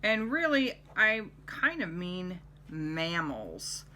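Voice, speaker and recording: Woman, middle-aged, kids' lesson host; unhurried delivery, crisp bright tone, coaxing questions. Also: lowish voice, very animated, a little hiss or hum. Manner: gentle, coaxing, asks the child questions. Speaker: teacher. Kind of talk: children's lesson.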